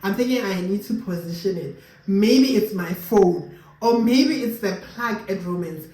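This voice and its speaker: A woman's voice: medium pitch, animated, unhurried, warm tone. A young South African woman with a South African accent, chatting casually to her viewers and slipping Sesotho phrases into her English. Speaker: vlogger. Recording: roomy with faint background noise.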